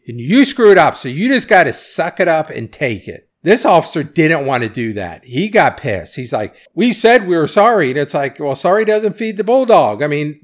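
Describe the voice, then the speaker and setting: Opinionated man with a fairly high voice. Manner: opinionated, conversational, acts out quotes in a raised voice. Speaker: podcast host. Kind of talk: casual commentary.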